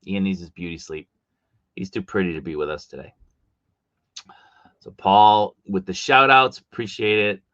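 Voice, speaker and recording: A man's voice: deep voice, moderate pace, pauses often, fairly bright tone, no room sound, highs cut off. A man with a Boston accent hosting a casual live stream, rambling through chat comments with plenty of fillers. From Boston, USA.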